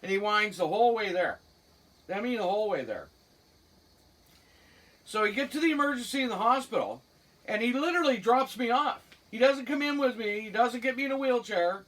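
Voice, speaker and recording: A woman's voice: a little high, animated, brisk, a bit bright, distant mic. A middle-aged woman with a Cape Breton accent, telling a personal story in a blunt, salty way with chuckles. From Cape Breton, Canada. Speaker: storyteller guest. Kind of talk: casual spoken anecdote.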